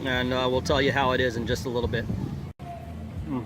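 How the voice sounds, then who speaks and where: This food vlogger chats and jokes his way through a theme park festival, reading out menu items with loud music playing close by. He has a medium-pitched, flat voice and talks a little fast.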